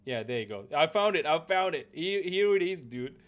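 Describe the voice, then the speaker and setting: A man's voice: on the high side, animated, normal speed. A man streaming, chatting casually and jokingly with his viewers and swearing a lot. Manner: laid-back, joking, swears a lot, talks to chat. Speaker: gaming streamer. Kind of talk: casual live-stream chat.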